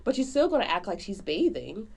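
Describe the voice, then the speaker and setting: A woman co-hosting a podcast, reviewing a movie in casual, animated chat full of slang. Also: mid-range voice, a little fast, gravelly, slight background noise. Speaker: podcast co-host.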